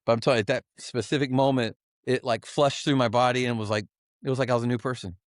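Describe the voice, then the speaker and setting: A man's voice: mid-range voice, fairly even intonation, fast talker, dry recording, clean studio sound. A man guest on a podcast giving an emotional, earnest personal testimony, often restarting and repeating himself.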